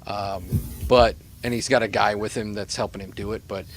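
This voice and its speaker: A man's voice: lowish voice, steady tone, normal speed, a little hiss or hum. A man narrating as game master in a tabletop game, rambling and hesitant with many fillers.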